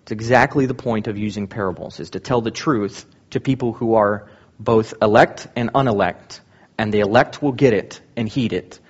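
A man's voice: on the low side, moderate pace, husky. Man preaching on a muffled recording. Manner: reads scripture aloud, then explains it with rising emphasis. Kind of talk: sermon.

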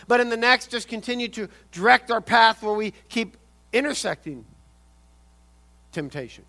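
High bright-voiced male preacher. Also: normal speed. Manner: swings from loud urgent emphasis to quiet intensity, repeats words. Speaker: pastor. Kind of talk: sermon.

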